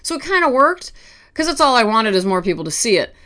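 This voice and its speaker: A woman artist talking to camera at home, ranting with quick restarts and asides. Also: fairly high pitch, very animated, sharp tone, smooth. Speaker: artist vlogger. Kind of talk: casual talk to camera.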